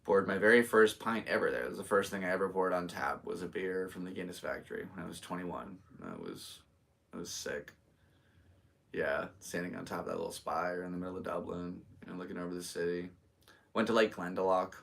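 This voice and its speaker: A man's voice: sits low, brisk, creaky, fairly bright tone, far from the mic. A man in his thirties from Connecticut hosting a casual solo podcast, laid-back and rambling. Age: 30s. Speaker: podcast host and comedian.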